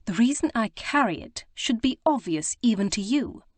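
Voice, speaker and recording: A spirited young Regency lady, voiced by a woman narrator, insists on propriety with emphatic indignation. Her lines come a little higher and louder than the narration, recorded dry and close. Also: animated, moderate pace, dry recording. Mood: indignant.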